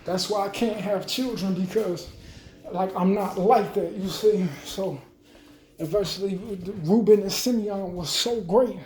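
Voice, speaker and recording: Man ranting a rambling, profane monologue; mellow, low-lit tone, recorded in a roomy echo. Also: a little hiss or hum. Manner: profane, loose, rambling, talks fast then trails off.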